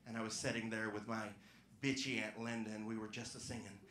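A stand-up comedian from Georgia working the crowd with self-mocking punchlines. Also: male voice, on the low side, flat delivery, brisk, a bit bright. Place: comedy club stage. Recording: echoey club room.

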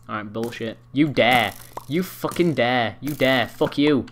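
A young gamer doing live gameplay commentary rants in a medium-pitched voice at a measured pace. He rambles, swears a lot and bursts into angry yelling, with faint keyboard clicks and typing behind him.

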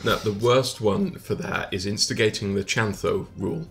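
A man's voice: on the low side, moderate pace, vocal fry, soft background music. A man co-hosting a casual card game commentary, adding playful, dry quips.

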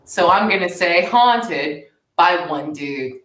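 A woman's voice: fairly low pitch, animated, slow pace, fairly bright tone. A woman playing a tabletop game, joking and laughing as she talks. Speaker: player. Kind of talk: casual tabletop play. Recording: roomy, from a distance.

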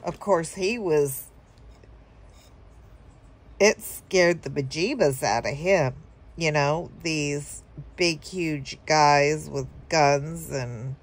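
A woman's voice: low-pitched, drawn-out words, long pauses. A woman telling a story casually to her viewers, rambling with fillers and chuckling now and then. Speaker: vlogger.

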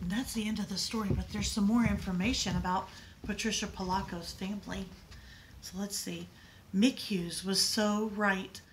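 A woman reading a picture book aloud in an expressive, dramatic way. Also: mid-range voice, slight background noise, poor audio.

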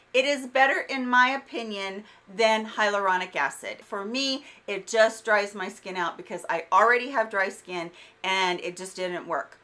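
A woman with a bright, clear voice and a lilt talks through her favorite finds. She is chatty and enthusiastic, with a casual review style and folksy asides. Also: mid-range voice. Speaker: fashion and beauty vlogger.

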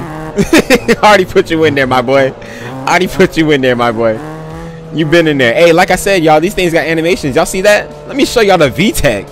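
A man live-streaming a driving game, chatting in a hyped, slangy way and thanking viewers often. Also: fairly high pitch. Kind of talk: casual live-stream commentary.

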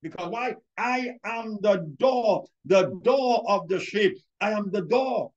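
A man preaching a sermon as pastor, emphatic, with drawn-out words and pauses, calling his listeners beloved. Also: sits high, lively intonation, dull audio.

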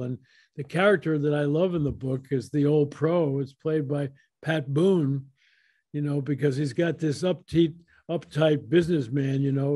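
A man's voice: on the high side, dark tone. Older man telling folksy stories. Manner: folksy anecdotal storyteller, quotes others in dialogue. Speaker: author guest. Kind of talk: casual storytelling interview.

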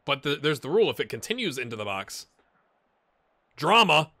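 A man casually commentating his own football video game, excitable and wry, jumping from loud cheering to quiet muttering. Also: fairly high pitch, normal speed, dry recording. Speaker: gaming channel host.

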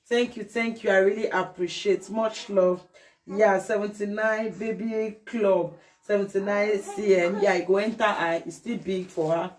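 A woman's voice: mid-range voice, steady tone, measured pace, darkish tone. A young woman with a Nigerian Pidgin English accent, chatting effusively in a casual unboxing vlog. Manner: effusive, breaks into sing-song chants. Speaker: vlogger.

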